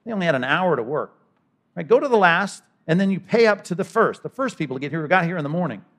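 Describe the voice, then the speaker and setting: This man's voice sits a little high, and he talks fast. Preaching an expository sermon as a pastor, he keeps it conversational and lively, acting out characters in quick asides.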